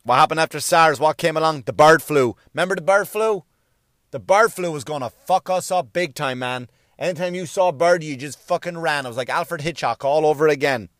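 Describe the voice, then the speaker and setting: A man's voice: fairly high pitch, fairly quick, a bit bright, dry recording, clean studio sound. A man, ranting sarcastically with lots of swearing and rhetorical questions in a comic monologue. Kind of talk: profane comic rant.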